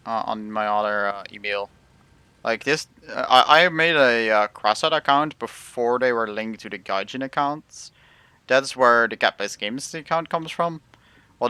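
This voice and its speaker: A man streaming a tank game, talking in a low, gravelly voice with a bright, sharp edge. His live commentary is rambling and casual, and he often cuts himself off mid-thought. The sound is dry and close. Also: dry recording. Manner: rambling, self-interrupting casual talk.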